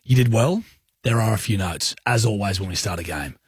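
Man radio co-host, husky, teasing, dry close mic. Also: fairly low pitch, brisk, no room sound. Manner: joking, teasing. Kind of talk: casual radio banter. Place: radio studio.

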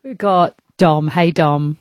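A woman co-hosting a radio show, animated and self-deprecating in casual banter. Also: low-pitched, slow, no echo, clean studio sound. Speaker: radio co-host.

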